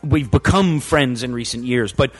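A man's voice: medium pitch, normal speed, husky. A man co-hosting a podcast in casual chat, rambling and correcting himself as he talks. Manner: rambling, animated, self-correcting. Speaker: podcast co-host.

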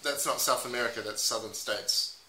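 A man's voice: mid-range voice, fairly quick, pushed and bright. A man co-hosting a podcast with casual, laughing banter and keeping score of a game. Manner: laughing, joking, keeps score. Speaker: podcast co-host. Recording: roomy echo.

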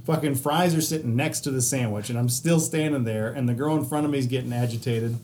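A man's voice: mid-range voice, fast talker, a little hiss or hum. A man co-hosting a podcast, telling a story casually with plenty of swearing. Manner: profane, animated anecdote-telling with quoted voices. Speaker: podcast co-host.

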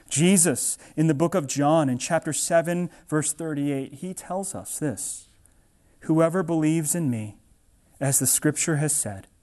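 A male preacher with a fairly high-pitched voice delivering a sermon. He speaks earnestly and dramatically, pushing some lines loudly and dropping others to a hush. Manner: earnest, dramatic swings from loud urging to hushed near-whisper.

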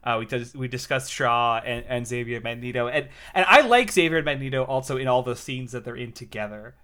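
Bright-voiced man, chatty podcast co-host. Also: mid-range voice. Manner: animated, halting with restarts. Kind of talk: casual chat.

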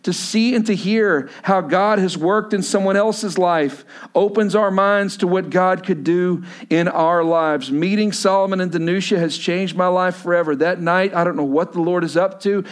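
A man preaching a sermon, animated, climbing loud and high when he retells scripture and dropping low for quiet appeals. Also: moderate pace, hardly any pauses. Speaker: pastor.

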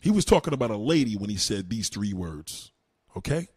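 Husky, animated man ranting on a live stream. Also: on the low side, fairly quick, no room sound, clean studio sound. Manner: heated, mocking, swears constantly. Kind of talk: profane live-stream rant.

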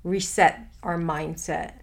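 Woman co-host, kinda low voice, earnest and reflective, talks in long run-on thoughts. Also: steady tone, slow. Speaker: podcast co-host. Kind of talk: casual conversational chat.

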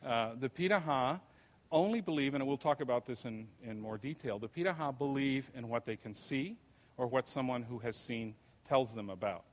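An older man giving a lecture, telling stories in an unhurried, conversational way. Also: medium pitch. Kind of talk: anecdotal lecture. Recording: long reverb of a lecture hall.

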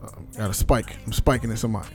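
A man talks quickly in a casual podcast conversation. He rambles, restarts and swears freely. Faint music sits under his voice. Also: lowish voice. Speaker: podcast host.

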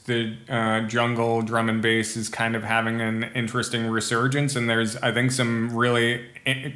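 A man talking as a podcast guest in casual conversation, thoughtful and often pausing to find his words. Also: medium pitch, fairly bright tone. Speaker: guest musician. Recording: roomy echoey sound.

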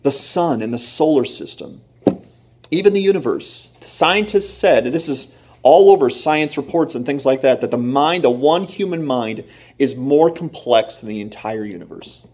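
A man preaching a sermon in a lively, animated way, often acting out the voices in the story he tells. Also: mid-range voice, normal speed, slight background noise. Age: young adult or middle-aged, father of children. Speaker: pastor.

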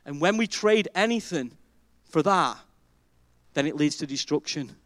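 A man preaching a sermon as pastor, emphatic and animated, asking the congregation rhetorical questions. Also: fairly high pitch, unhurried, no echo. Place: church.

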